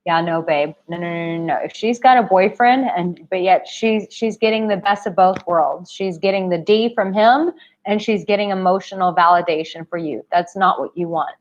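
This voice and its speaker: A woman's voice: fairly low pitch, moderate pace. Dull-sounding woman coach losing her voice. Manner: affectionate, calls viewers babe; emphatic, repeats herself. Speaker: dating and relationship coach. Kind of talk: live stream Q&A. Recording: dull lo-fi livestream audio.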